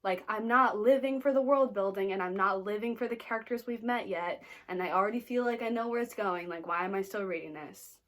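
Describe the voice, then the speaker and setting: A woman's voice: mid-range voice, brisk, hardly any pauses, fairly bright tone. Chatty American woman book vlogger. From United States. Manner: chatty, lots of "like" fillers, playfully snarky. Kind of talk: casual reading wrap-up chat.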